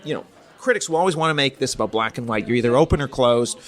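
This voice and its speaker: A middle-aged man from Canada speaks as a podcast guest, laying out his points patiently like an academic. His pitch sits in an ordinary middle range, and he often pauses with "um" and repeats words as he builds each thought. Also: lively intonation. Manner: measured, explanatory, with frequent ums and restarts. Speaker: guest, politics professor. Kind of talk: podcast interview, academic explanation.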